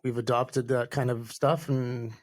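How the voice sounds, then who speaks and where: A man co-hosting a casual podcast chat, reading facts aloud haltingly with lots of fillers. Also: medium pitch, little pitch movement. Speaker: podcast co-host.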